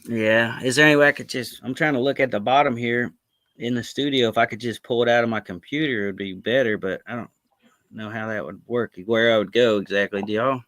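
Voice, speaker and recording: A man, a guest on a live video-call chat who tells stories in an animated, laughing way. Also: mid-range voice, fairly quick, no echo. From Florida Panhandle, US. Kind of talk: casual live-stream chat. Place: remote, joining a video call.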